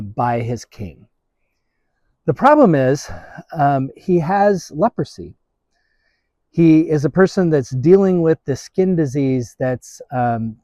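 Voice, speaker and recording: A man preaching a sermon as pastor, speaking in a halting way with frequent restarts. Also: mid-range voice, dark tone, dry recording.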